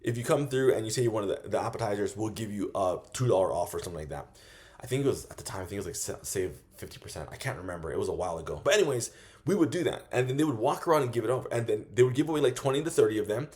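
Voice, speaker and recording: A man coaching small vendors in a loose, profane style, acting out quick sales pitches as he goes. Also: lively intonation, a little mellow. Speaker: business coach. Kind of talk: casual instructional monologue.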